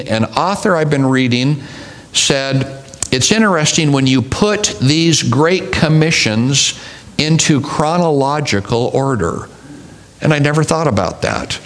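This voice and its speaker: Man preaching with emphatic repetition. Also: a little high. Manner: emphatic, repeats key phrases. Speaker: pastor. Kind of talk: sermon.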